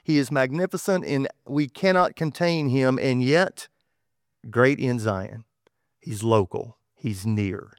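A man's voice: medium pitch, slow, dry recording, studio quality. A man with a Texas accent preaching a conversational sermon, folksy and self-correcting as he goes. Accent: Texan. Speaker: pastor.

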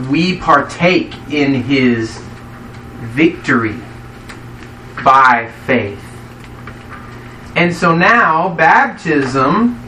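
A pastor with a fairly high, pushed and bright voice preaches conversationally, often putting questions to his congregation. The mic sits at a distance in an echoey hall, and slight background noise is audible.

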